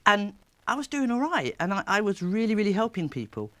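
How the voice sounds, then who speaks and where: A woman speaks as a therapist in an interview, spinning her stories with plenty of energy. Her pitch swoops widely as she talks, and she breaks into laughter easily. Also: brisk. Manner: lively, animated storyteller who laughs often. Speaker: therapist and child coach. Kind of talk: storytelling interview.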